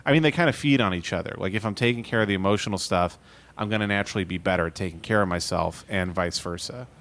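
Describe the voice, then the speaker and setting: A man's voice: low-pitched, quick pace, a bit bright. A man co-hosting a podcast, chatting casually and riffing on crude jokes. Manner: jokey, riffing crude bits. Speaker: podcast co-host. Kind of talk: casual comedy chat.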